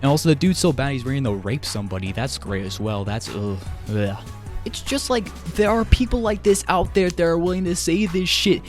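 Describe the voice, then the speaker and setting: A man ranting in an online commentary video, exasperated and swearing heavily as he jumps between tangents. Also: high-pitched. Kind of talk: profane commentary rant.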